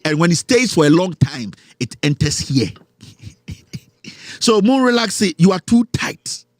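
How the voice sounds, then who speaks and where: A Ghanaian man hosting a talk show, giving animated, mocking commentary and mixing English with Twi. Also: high voice, unhurried, dry recording, studio quality.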